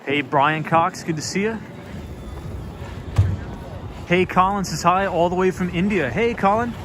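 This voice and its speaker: A man's voice: high voice, unhurried. A man hosting a casual live stream while walking outdoors on busy city streets, chatting and answering viewer comments into a handheld phone. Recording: city street noise behind. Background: city street traffic noise.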